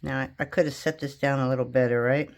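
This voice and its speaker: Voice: mid-range voice, steady tone, fast talker. A polymer clay crafter in a home studio, casually thinking aloud and chatting to viewers while working.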